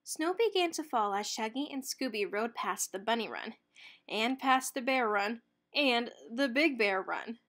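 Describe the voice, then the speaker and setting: A woman narrating a children's picture book read-aloud with expressive storytelling. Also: fairly high pitch, unhurried.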